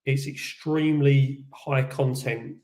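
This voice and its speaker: Man, dry understated delivery, casual group chat, mid pitch. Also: fairly even intonation, slow pace, darkish tone, soft background music.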